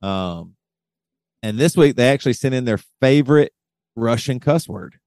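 A man's voice: mid-range voice, animated, normal speed, a little mellow, no echo. A man co-hosting a podcast in casual chat, loose and joking, often laughing. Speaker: podcast co-host.

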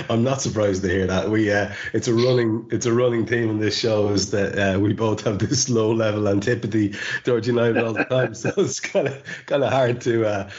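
A man's voice: on the low side, normal speed, dull audio. Emphatic male podcast host. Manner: passionate and emphatic when making a point, with many restarts. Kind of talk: casual podcast chat.

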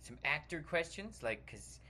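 A man's voice: a little high, sing-song, a little slow, bright, forceful tone, exaggerated voice. Man playing a starstruck, stammering young actor. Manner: gushing and stammering, full of 'like' and restarts. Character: eager starstruck young male actor, nervous. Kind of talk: comedy sketch.

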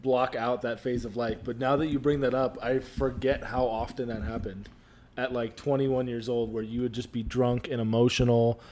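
A man co-hosting a casual chat, answering with dry, quick deadpan quips. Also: mid-range voice.

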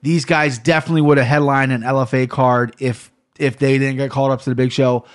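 A man hosting a sports betting podcast in a loose, rambling way, stopping to correct himself and circling back to his point. His voice sits at an ordinary pitch and his talk is easygoing. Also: flat delivery, a little fast. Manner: chatty, self-correcting, rambling. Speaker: podcast host. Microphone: headphones on a studio setup.

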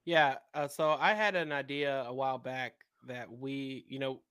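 A man co-hosting a podcast, talking in a relaxed way with plenty of fillers. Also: medium pitch, a little slow, clean tone. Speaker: podcast co-host. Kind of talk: casual podcast chat.

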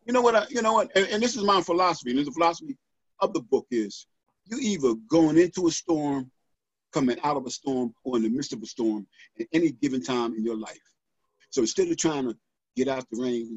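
A middle-aged man talking as a podcast guest and author, animated and preacherly, checking in with "right?" as he goes. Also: high-pitched, dry recording. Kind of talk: motivational podcast conversation. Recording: dull, dry lo-fi audio.

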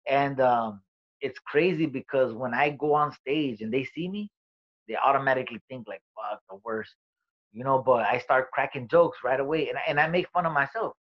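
A man's voice: mid-range voice, fairly quick. A man guest on an interview, a comedian telling his own story in a casual, profane, streetwise way, acting out quoted dialogue. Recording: dull lo-fi recording.

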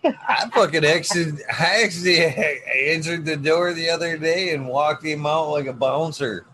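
A man's voice: a little high, unhurried, pushed and bright, slight background noise. A man chatting casually, telling a rambling, profane story and acting out what he said. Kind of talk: casual chat. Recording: music playing behind.

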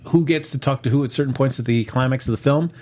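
A man's voice: mid-range voice, fast, darkish tone. A man hosting a casual live-streamed film and box office chat, rambling with lots of fillers. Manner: rambling, many fillers and restarts. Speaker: podcast host.

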